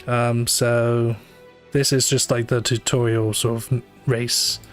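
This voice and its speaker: A man's voice: mid-range voice, level tone, takes it slowly. A man livestreaming a game, talking casually with lots of fillers, restarts and dry asides, with faint game music behind. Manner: rambling, many fillers and self-corrections, dry asides. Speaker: livestreamer playing a gacha game. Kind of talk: casual live commentary.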